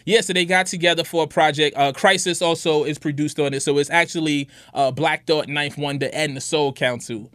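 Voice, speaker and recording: A middle-aged man chatting on a podcast, laid-back and easy, with a voice pitched a little high for a man. He keeps tossing in "you know what I'm saying". The sound is close and dry. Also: steady tone, a little fast, hardly any pauses, fairly bright tone, no room sound. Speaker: podcast co-host. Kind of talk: casual chat.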